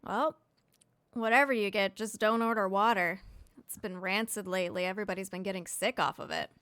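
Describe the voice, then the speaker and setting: A woman's voice: mid-range voice, fairly quick, fairly bright tone, clear, resonant tone, no room sound, close to an everyday voice. Lady doing a chatty innkeeper guy, misses adventuring, kinda blunt, dry mic. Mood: gossipy. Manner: gossipy, blunt. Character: weary chatty male innkeeper, former adventurer.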